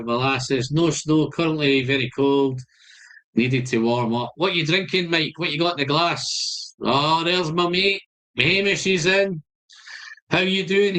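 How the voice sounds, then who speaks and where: A man's voice: fairly high pitch, a bit bright, clear, resonant tone. A Scottish man hosting a live stream, chatting casually and greeting viewers by name. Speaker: whisky channel host.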